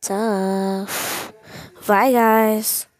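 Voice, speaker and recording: A woman's voice: medium pitch, flat delivery, extremely slow. A young woman hosting a gaming channel, easily scared, who repeats her phrases and talks straight to her viewers. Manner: repeats short phrases over and over. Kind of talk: excited gameplay commentary.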